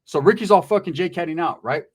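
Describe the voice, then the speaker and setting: A male comedian telling a profane story, rapid and animated, tagging lines with "right?". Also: a little high, breathy edge.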